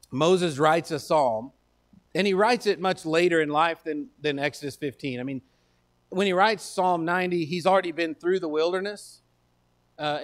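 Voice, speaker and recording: A man with a Texan accent preaching a sermon in a folksy, conversational way that swells into emphatic declarations. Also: a little high. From Texas. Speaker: pastor.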